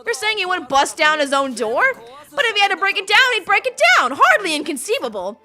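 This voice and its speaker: A woman voicing a brash, hot-headed teenage boy athlete from a game, loud and exclaiming. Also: very high voice, big pitch swings, fairly quick, voice pushed up, full character voice. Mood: indignant.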